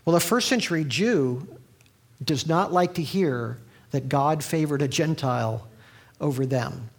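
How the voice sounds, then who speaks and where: A man's voice: fairly high pitch, measured pace. A man preaching a sermon in a conversational teaching manner, with asides and restarts. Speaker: pastor.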